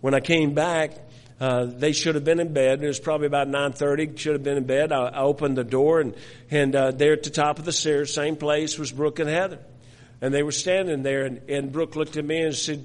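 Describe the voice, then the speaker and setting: A man's voice: on the high side, steady tone, quick pace. An older man preaching, telling a personal story with many restarts and repeated words. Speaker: pastor. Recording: long hall reverb.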